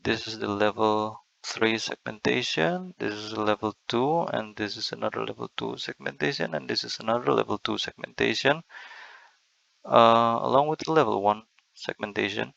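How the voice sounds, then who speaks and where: A man's voice: fairly low pitch, moderate pace, creaky, a bit bright, no room sound, highs cut off. A man giving a methodical screen-recorded lecture, walking through slides step by step. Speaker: lecturer on Bible accents.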